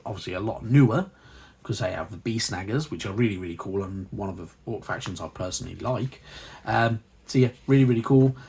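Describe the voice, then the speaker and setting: A man's voice: medium pitch, a little mellow, slightly rough. A man hosting a hobby channel, casually reviewing a magazine and reading passages aloud, chatty and rambling between the reading and his asides.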